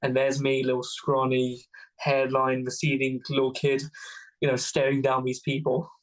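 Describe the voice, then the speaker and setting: A man's voice: mid-range voice, completely flat delivery, moderate pace, rough recording. A young man from Wales telling travel stories as a guest, casual and self-mocking. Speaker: guest adventurer. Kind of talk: casual storytelling.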